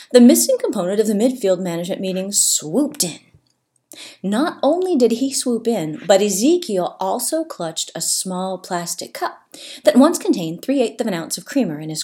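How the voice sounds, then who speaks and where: A woman narrating a comic story in an expressive, playful way. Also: mid-range voice.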